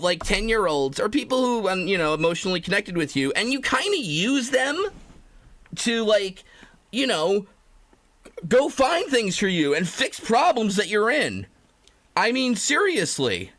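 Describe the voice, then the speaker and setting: A man's voice: high voice, sing-song, measured pace, a bit bright, a little hiss or hum. A man live streaming, ranting in a rambling, profane, self-pitying way and breaking into laughter. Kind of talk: comedic live-stream rant.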